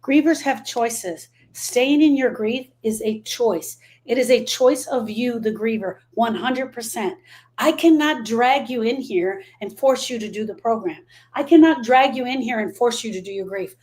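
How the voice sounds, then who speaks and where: A woman's voice: a little high, measured pace, a little mellow. Emphatic middle-aged woman grief coach. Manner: emphatic, repeats key phrases, answers viewer comments. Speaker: grief coach hosting a live stream. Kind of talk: live-stream talk to viewers.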